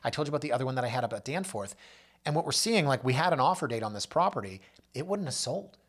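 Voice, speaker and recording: A man's voice: lively intonation, quick pace. A man hosting a real estate show, telling client stories in a casual monologue and acting out the people he quotes. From Canada. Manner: storytelling, acts out quoted voices with big pitch jumps. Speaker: realtor and show host.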